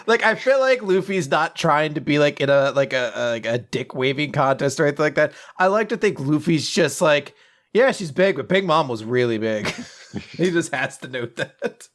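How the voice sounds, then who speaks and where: A man's voice: on the high side, expressive, moderate pace, fairly bright tone. A man co-hosting a casual podcast recap, cracking jokes and swearing. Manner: joking, swears. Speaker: podcast co-host.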